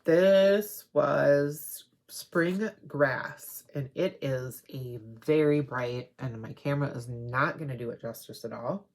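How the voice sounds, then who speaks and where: A woman hosting a crafting video, chatting casually and rambling excitedly as she shows off her haul. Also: very deep voice, slow, hardly any pauses. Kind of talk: casual show-and-tell haul.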